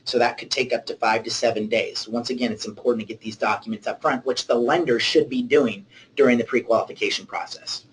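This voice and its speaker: A man's voice: medium pitch, steady tone, brisk, few pauses, slight background noise, poor audio. A man presenting in a webinar as a mortgage originator, explaining rules step by step and often checking in with "okay?".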